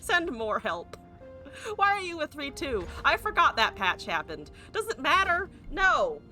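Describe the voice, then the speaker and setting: A woman's voice: high-pitched, big pitch swings, a little slow, sharp tone, soft background music. A woman streamer ranting with exasperation while playing a card game, swearing and firing off rhetorical questions.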